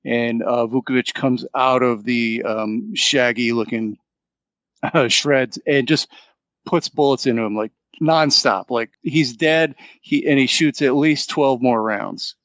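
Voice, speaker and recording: A man on a pop culture podcast narrates a film's climax, pausing often to pick up his thread. His voice is mid-pitched and the recording is dry and close, with no room sound. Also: fairly bright tone, no room sound. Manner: halting, full of ums and restarts. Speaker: podcast co-host. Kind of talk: casual movie recap.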